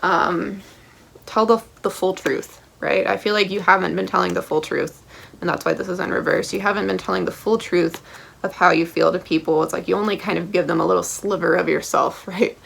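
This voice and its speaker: Blunt, fiery woman with vocal fry. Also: lowish voice, steady tone, fairly quick, a bit bright, slight background noise. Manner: blunt, passionate, swears freely, keeps checking in with "okay?" and "right?". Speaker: tarot reader. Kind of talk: pick-a-card tarot reading to camera.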